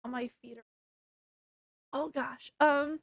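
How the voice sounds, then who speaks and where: High-voiced chatty woman, unhurried. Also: steady tone, creaky, no echo, studio quality. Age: adult with a child. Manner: chatty retelling with many "like"s and laughs. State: allergies, sniffly. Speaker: book reviewer. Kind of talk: casual book review vlog.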